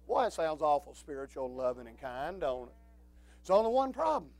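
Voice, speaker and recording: A man preaching a sermon, swinging from quiet low talk to shouted, drawn-out preaching. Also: big pitch swings, gravelly, no room sound.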